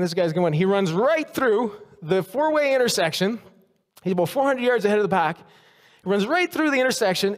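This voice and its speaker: A man preaching a sermon in a church, telling a story and acting out the quotes with lively swings. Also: sits high. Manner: storytelling, animated, acts out quotes. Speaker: pastor. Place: church sanctuary. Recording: long reverb of a church hall.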